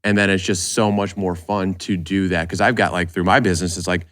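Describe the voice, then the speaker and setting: A man's voice: deep voice, steady tone, a little fast, a bit bright. A man co-hosting a podcast, speaking in a reflective, conversational way. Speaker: podcast co-host.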